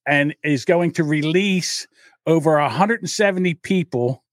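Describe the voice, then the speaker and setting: A man with a slightly high voice hosts a casual after-show podcast, rambling a bit tipsily through drunken chat and reading viewer comments out loud. The sound is clean studio audio with no room sound.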